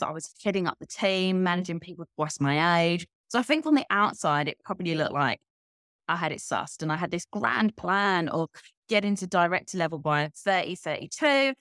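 A woman's voice: lowish voice, no echo, studio quality. A woman in her thirties, a coaching guest talking candidly and energetically in a casual podcast conversation. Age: 30s. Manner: candid, energetic, laughs easily.

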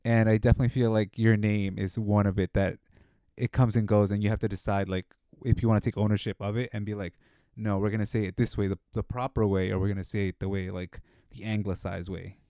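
A man's voice: on the low side, little pitch movement, quick pace, hardly any pauses, mellow, smooth, no room sound, studio quality. A man co-hosting a casual podcast chat, thoughtful and often repeating words as he thinks. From Spanish-speaking family in the United States. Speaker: podcast co-host.

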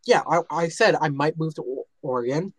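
A man's voice: on the high side, brisk, no room sound, rough recording. A man from Minnesota chatting earnestly on a voice call, rambling with plenty of restarts. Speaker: chat participant. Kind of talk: casual online voice chat.

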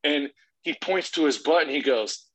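Profane, animated dad telling a story. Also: male voice, fairly high pitch, moderate pace, low-quality recording. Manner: profane, animated retelling with voiced quotes. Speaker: podcast guest. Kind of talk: casual storytelling.

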